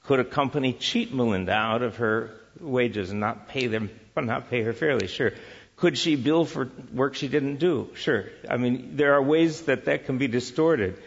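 A man giving a church teaching talk, lively and full of rhetorical questions, who also engages the audience. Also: medium pitch, in a large hall, highs cut off. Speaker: Christian speaker teaching on work and business.

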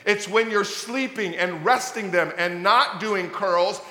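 A male pastor preaches with emphatic, repetitive force, his voice pitched high and bright. He sometimes slips into acted-out voices to make a point. The sound carries a long, echoey church-hall reverb. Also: slow. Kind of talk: sermon.

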